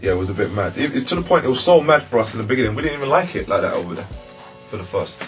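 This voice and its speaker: Low-voiced young London man. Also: animated, rapid-fire, faint music behind. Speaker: interviewee. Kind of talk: casual storytelling.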